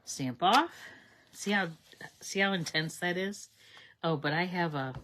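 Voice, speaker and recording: With a fairly low pitch and a fairly bright tone, a woman hosts a live card-making stream, chatting as she narrates her steps at the craft table. Her pace is measured, with slight background noise.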